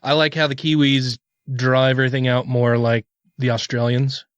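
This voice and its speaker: A man's voice: mid-range voice, level tone, normal speed, no room sound. A man co-hosting a podcast in casual chat, laughing often and swearing casually. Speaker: podcast co-host. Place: Salt Lake City area. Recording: dull, slightly lo-fi dry podcast mic.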